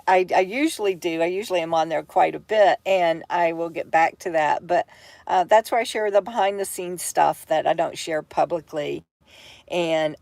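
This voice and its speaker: A tired, brain-foggy woman, chatting on a home livestream from bed, halting and full of fillers and restarts as she reads viewer comments. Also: mid-range voice, a little mellow, dry recording. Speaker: vlogger hosting a livestream. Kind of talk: rambling livestream chat.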